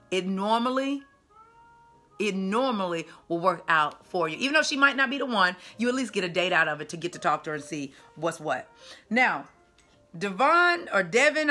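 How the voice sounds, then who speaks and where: A woman's voice: mid-range voice, bright, forceful tone. A woman dating coach giving casual video commentary in an emphatic, chatty way with punchy asides.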